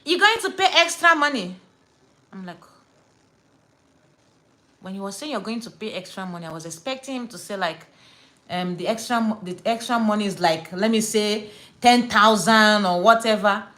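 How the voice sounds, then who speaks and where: Bright, emphatic Nigerian woman. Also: mid-range voice, moderate pace, long pauses, rough recording. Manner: emphatic, repeats words for stress, slips into Pidgin. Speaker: vlogger. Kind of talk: casual storytime rant to camera.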